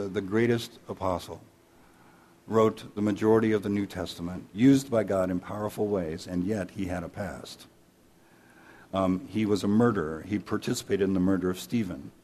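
A man's voice: fairly low pitch, warm tone. A man preaching a sermon in a folksy storytelling way, weaving jokes into scripture. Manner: folksy, anecdotal, with fillers and restarts. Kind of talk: sermon with humorous stories.

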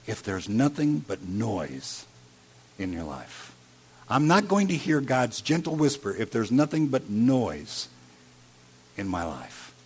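Preaching from the pulpit, this Iowa man shares a story from his own life, his delivery rising to loud emphasis and then dropping to soft, quiet lines. The voice sits on the low side with a husky texture.

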